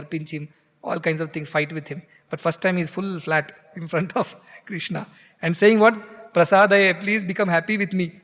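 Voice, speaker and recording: A man's voice: on the high side, fairly bright tone. A man with an Indian English accent giving a scripture discourse, chanting Sanskrit verses and explaining them in English, sometimes pleading in a character's voice. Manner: speaks in Arjuna's pleading voice at times. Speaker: spiritual teacher. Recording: long hall reverb.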